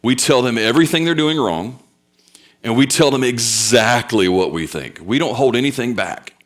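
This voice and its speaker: A young man preaching a sermon, telling stories with loud bursts and quiet asides. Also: mid-range voice, animated, normal speed. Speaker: pastor.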